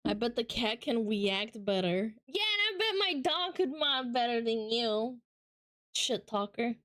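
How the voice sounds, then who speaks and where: A woman streamer with a fairly high voice, chatting with her viewers in a playful, teasing way. She takes her time, speaking in an unhurried drawl between giggles. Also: very animated, fairly bright tone, dry recording, studio quality. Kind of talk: casual chat reading live comments.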